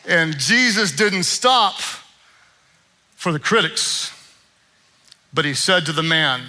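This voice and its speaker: A man preaching a sermon as pastor, leading call-and-response and rising to shouts. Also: fairly high pitch, animated, slow pace, long pauses. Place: church sanctuary with congregation.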